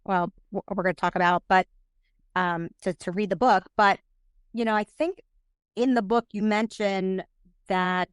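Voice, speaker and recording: A woman's voice: medium pitch, fairly even intonation, clean tone, no room sound, clean studio sound. A woman hosting a podcast interview, asking questions with frequent restarts. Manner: halting, many restarts when asking questions. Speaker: podcast host.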